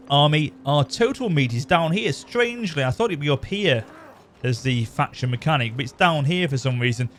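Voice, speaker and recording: A man's voice: mid-range voice, slight background noise. A man giving casual, rambling commentary over a strategy game. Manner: chatty, rambling, self-correcting. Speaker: gaming channel host. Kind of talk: casual let's-play commentary.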